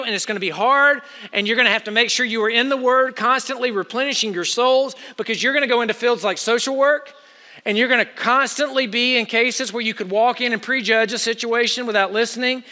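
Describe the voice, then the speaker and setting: A man preaching a sermon with urgent exhortation, swinging between loud pushes and quiet asides. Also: very high voice. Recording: long hall reverb.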